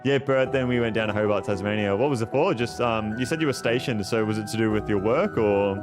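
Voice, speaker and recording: A young man with an Australian accent, chatting loosely at a low pitch while he streams. Clear game music plays behind his rambling, profanity-laced talk with chat, picked up by a desk mic at home. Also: brisk. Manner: relaxed, rambling, swears a lot, reads chat aloud. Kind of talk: casual live-stream chat.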